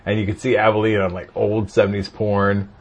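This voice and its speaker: A man's voice: lowish voice, fairly quick. A man co-hosting a casual podcast, making cheeky, bawdy jokes and reading sponsor spots. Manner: cheeky, bawdy, deadpan asides. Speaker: podcast co-host. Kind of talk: casual banter.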